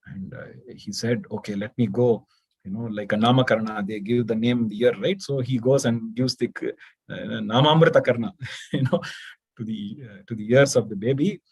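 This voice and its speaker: Husky guy teaching a devotional class, chatty, lots of "you know". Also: mid-range voice, moderate pace, low-quality recording. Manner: chatty, many fillers, acts out quotes.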